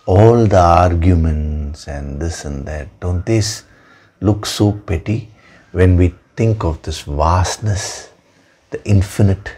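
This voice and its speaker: A man delivers a spiritual discourse with a very deep, low voice. He speaks slowly and deliberately, leaning on repeated words for emphasis. His tone stays dark and mellow throughout. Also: slightly rough. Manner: slow, measured, emphatic with repetitions. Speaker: spiritual teacher.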